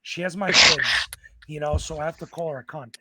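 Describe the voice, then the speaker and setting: A man's voice: on the high side, fairly quick, over a noisy crowd. A man hosting a podcast, telling rambling stories full of slang and swearing. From New York. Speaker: podcast host. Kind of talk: casual crude podcast banter.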